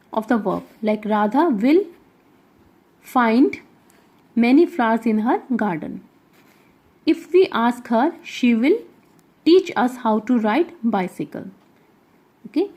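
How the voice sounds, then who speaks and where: A woman's voice: fairly high pitch, a little mellow. A woman with an Indian English accent, teaching an English grammar lesson as she works through exercises aloud and explains each answer step by step. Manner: explains step by step, with frequent checking asides.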